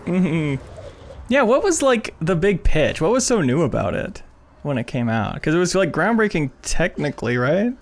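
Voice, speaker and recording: A man's voice: fairly high pitch, sing-song, normal speed. A man hosting a casual gameplay stream, bantering playfully while commenting on the game. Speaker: host.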